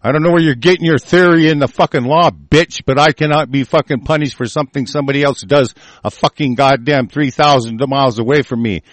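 A man's voice: medium pitch, brisk, dry recording. A man delivering an angry, profanity-laden monologue, swearing constantly and often breaking off and restarting mid-sentence.

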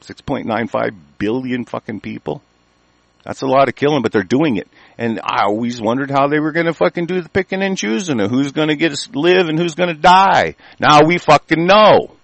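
A man from the United States delivering a heated, profane monologue rant, cursing constantly and growing louder as he argues. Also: a little high, normal speed, gravelly, no room sound.

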